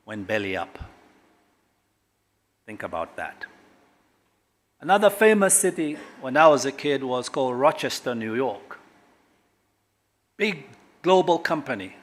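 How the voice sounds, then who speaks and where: Emphatic man giving a speech. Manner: emphatic orator, big swings in pitch and loudness, dramatic pauses. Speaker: government official giving a keynote. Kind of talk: public speech at a corporate launch.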